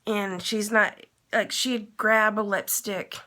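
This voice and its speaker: A woman's voice: mid-range voice, steady tone, slow pace, pushed and bright. A woman vlogger telling a long story in a casual, rambling way and acting out the dialogue. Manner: rambling, retells with quoted dialogue.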